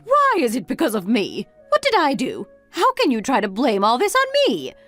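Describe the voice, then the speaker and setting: A woman's voice: a little high, huge pitch swings, fairly bright tone, faint music behind, full character voice. A woman playing an exasperated middle-aged mother who fires off complaining questions in a dramatized family story. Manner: complaining, rapid-fire questions.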